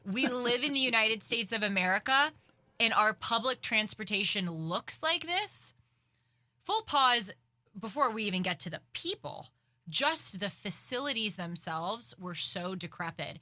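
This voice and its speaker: Bright, animated young woman host. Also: mid-range voice, a little slow, dry recording. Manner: animated storytelling, dramatic, self-aware. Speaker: commentary show host. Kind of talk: casual political commentary.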